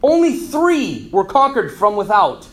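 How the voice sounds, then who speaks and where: Preaching in an animated way to young people, a Catholic speaker who does marriage counseling keeps things energetic and jokey, voicing the characters he quotes. He speaks unhurriedly with a lively pitch and frequently clears his throat.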